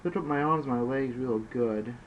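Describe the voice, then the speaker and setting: A gruff, tough-talking priest, as a man puts him on in a storybook reading, blunt and folksy. The voice sits a little above the reader's own, on a dull lo-fi recording with a faint hiss. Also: mid-range voice, moderate pace, natural voice.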